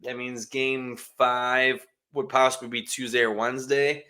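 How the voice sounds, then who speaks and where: This co-host of a casual sports podcast has a mid-range voice that sounds bright and forceful, delivered flatly at a measured pace. He rambles on, restarting sentences and stumbling on names.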